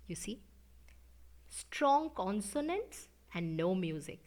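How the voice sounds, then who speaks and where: A middle-aged woman from India with an Indian English accent, lecturing to students on learning English, with an expressive, sing-song delivery that drops at times to a whisper. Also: medium pitch, unhurried. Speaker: English teacher.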